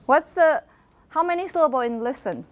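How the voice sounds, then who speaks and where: A woman giving a university phonetics lecture, repeating example words slowly to demonstrate sounds and now and then slipping into Mandarin. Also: high-pitched, lively intonation. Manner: switches briefly into Mandarin. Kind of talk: classroom lecture. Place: lecture hall.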